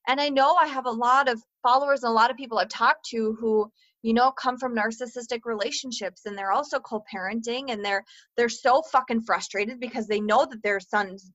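A woman's voice: fairly high pitch, a bit bright, no echo, lo-fi sound. Candid, swearing woman talking to listeners. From Minnesota, US. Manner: earnest, swears freely, many "like" fillers.

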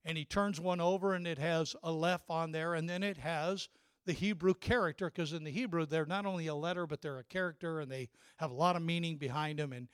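A man's voice: on the high side, steady tone, fairly quick, clean tone, dry recording, clean studio sound. An older man, a grandfather, preaching a sermon in a storytelling way, often repeating and restarting his words. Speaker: pastor.

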